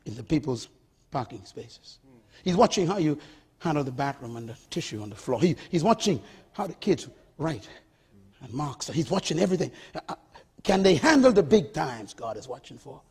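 A man's voice: a little high, lively intonation, normal speed, a little mellow, slightly rough. A man preaching a sermon in an emphatic, repetitive style, calling on the congregation to respond.

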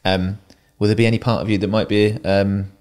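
A man hosting a podcast, asking measured, slightly hesitant questions. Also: fairly low pitch, flat delivery, a little mellow. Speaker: podcast host. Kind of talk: interview questions.

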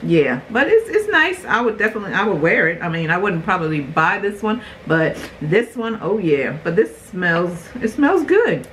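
A middle-aged woman, rambling through a chatty unboxing vlog. Her voice sits fairly low, but it leaps around a lot as she exclaims over each item. A faint room hum sits underneath. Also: rough recording. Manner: animated, exclaiming, quick asides. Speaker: beauty vlogger.

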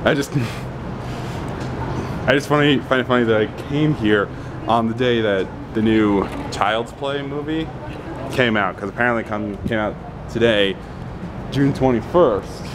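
A man's voice: medium pitch, normal speed, background noise. A man vlogging casually while out and driving, chatty and rambling with frequent restarts, recorded on a handheld phone. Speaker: gaming vlogger. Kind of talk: casual vlog commentary. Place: outdoors and in a car while driving.

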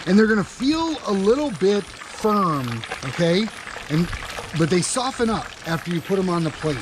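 A man's voice: high voice, big pitch swings, moderate pace, noisy background. A man hosting a fishing and cooking channel, chatting through a casual cooking demonstration and talking straight to the viewer with instructive tips. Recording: music playing underneath.

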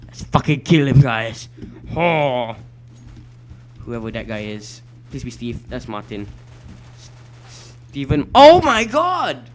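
A man giving let's play commentary at his computer, excitable and quick to shout and swear at the game. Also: mid-range voice, a little hiss or hum. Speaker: gameplay commentator.

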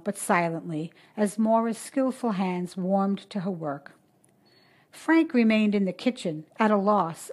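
A woman narrating a short story in a steady, measured reading voice. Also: mid-range voice.

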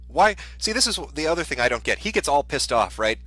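A man delivers a sneering, profane commentary rant, his voice swinging up and down in pitch. His tone is bright and forward. The sound is dry and close, with no room around it. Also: sing-song, a little fast, breathy edge, no echo. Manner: mocking, profane, sarcastic. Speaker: commentary streamer. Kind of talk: ranting commentary.

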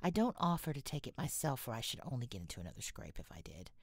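A woman's voice: very deep voice, sing-song, quick pace, dry recording, clean studio sound, exaggerated voice. A woman reading the part of a clumsy, frank tomboyish girl, blunt and often half-whispered. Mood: grateful.

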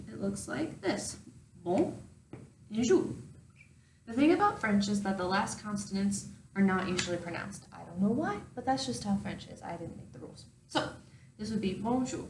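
A woman's voice: mid-range voice, darkish tone. A young adult woman giving a casual spoken lesson, explaining step by step with wry little jokes. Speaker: language teacher. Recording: roomy echo from a distant mic, faint hum.

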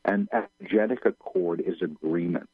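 A man being interviewed on radio who channels guides, repeating phrases softly as they come through. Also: sits low, moderate pace, husky, no room sound. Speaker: channeler guest. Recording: tinny phone line.

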